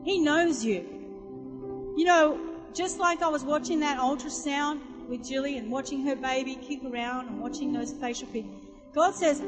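A woman preaches over music, her high voice a little slow and trailing a long reverb. Her sermon is chatty, full of stories and questions put to the congregation.

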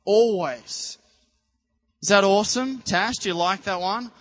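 A man's voice: sits high, a little slow, long reverb tail. A man preaching as a youth pastor in a church, earnest and rambling, with many restarts. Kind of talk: sermon.

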